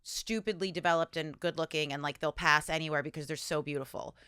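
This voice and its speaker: Woman, middle-aged, from Staten Island, comedy podcast co-host, animated, bright tone, dry studio sound. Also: low voice, a little fast, clear, resonant tone, no echo. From Staten Island, New York. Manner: animated, jokey, puts on voices in quotes. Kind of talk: casual comedic chat.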